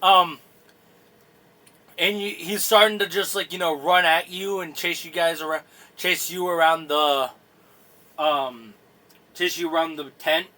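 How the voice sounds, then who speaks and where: A man narrating a tabletop game as game master, in halting, rambling sentences full of fillers. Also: on the high side, steady tone, bright, forceful tone.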